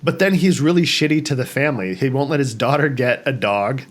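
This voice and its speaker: In a mid-range voice at a brisk pace, a podcast host runs casually through a movie. He gets animated, performing quoted character lines in raised voices.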